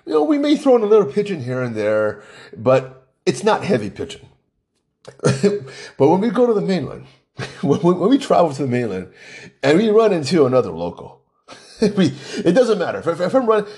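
A man's voice: a little high, darkish tone. A middle-aged man from Hawaii, rambling through a casual monologue full of restarts and fillers.

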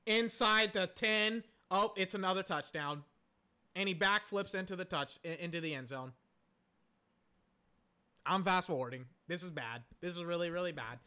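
High bright-voiced young male podcaster. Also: normal speed, smooth. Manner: exasperated, rambling, swears, many fillers. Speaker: podcast host. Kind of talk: casual live game commentary. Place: home, in a recliner.

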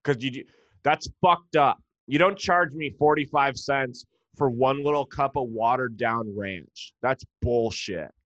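A man's voice: medium pitch, unhurried, fairly bright tone, dry recording, muffled recording. A man with an American accent, a stand-up comedian delivering a profane, sarcastic rant.

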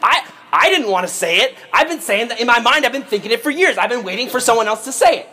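A man's voice: sits high, moderate pace. A man voicing a pack of scheming young brothers, whiny, exaggerated and mock-sincere. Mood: gleeful. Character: scheming older brothers, young men, gleeful and fake.

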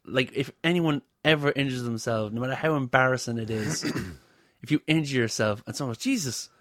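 A man's voice: medium pitch, a little fast, a bit bright, no room sound, studio quality. A man in casual chat, laughing often and acting out quoted lines.

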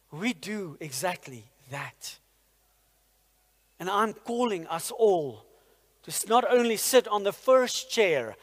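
A man preaching a sermon in a church, energetic and firing rhetorical questions at the congregation. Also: high voice. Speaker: pastor. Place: church hall. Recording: long hall reverb in a church.

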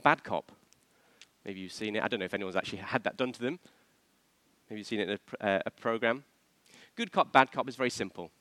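A man's voice: mid-range voice, pushed and bright, no echo. A man preaching a sermon, asking the congregation questions and acting out the voices he quotes.

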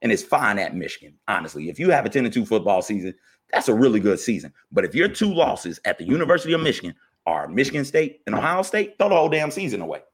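A man, fired up and ranting about football as a podcast co-host, jumping from loud outbursts to low grumbles. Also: big pitch swings, fast talker, breathy edge. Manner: fired-up, swings from shouting to muttering. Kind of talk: heated sports rant.

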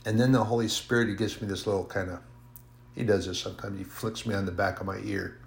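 A man's voice: fairly low pitch, fairly even intonation, a little fast, gravelly, a little hiss or hum. A man preaching a sermon in an earnest, emphatic way, rising and falling in volume.

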